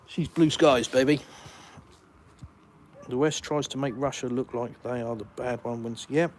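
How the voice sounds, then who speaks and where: Out in a village, a man with an English accent runs a live stream from the UK and responds to chat with dry, blunt sarcasm. His voice sits at medium pitch and a moderate pace, with slight noise in the background.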